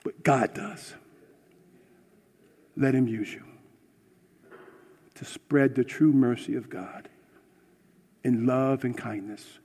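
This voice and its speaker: A man preaching a passionate sermon, swinging from hushed words to shouting, and ending in prayer. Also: mid-range voice, fairly even intonation, takes it slowly, long pauses, husky. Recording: long hall reverb.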